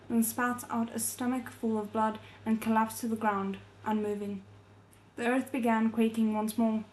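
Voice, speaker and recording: A woman's voice: a little high, darkish tone, rough recording. A woman hosting a casual novel readalong, reading aloud and breaking off with laughing asides and self-corrections.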